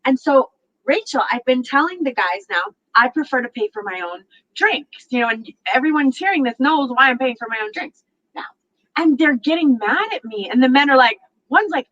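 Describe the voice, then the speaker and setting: A woman's voice: high-pitched, normal speed, muffled recording. A woman hosting a talk show, chatting casually and acting out what others said, laughing often. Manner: animated, acts out quotes, laughs often. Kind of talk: casual storytelling chat.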